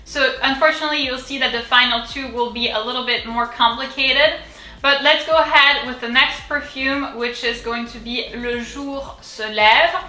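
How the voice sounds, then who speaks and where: A woman giving a pronunciation tutorial, saying each word slowly and repeating it for drills. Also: a little high. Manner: slow, careful, repeats words to drill them. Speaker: French pronunciation teacher. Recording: echoey room with soft music.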